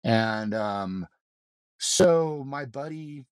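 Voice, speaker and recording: A man's voice: mid-range voice, animated, very slow, smooth, no echo, studio quality. A man, a mountain guide on a podcast, telling a story in a loose, rambling way, full of swearing and restarts. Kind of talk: casual storytelling in an interview.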